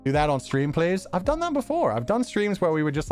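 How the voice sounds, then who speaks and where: A young man chatting casually on a stream, talking fast and laughing often. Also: on the high side, music in the background. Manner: animated, quick talker who laughs often. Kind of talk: casual chat.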